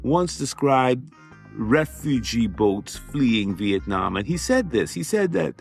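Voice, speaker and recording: A man's voice: mid-range voice, sing-song, slow, creaky, faint music behind. A man hosting a motivational podcast, talking emphatically and conversationally and repeating phrases for effect. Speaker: podcast host and physician.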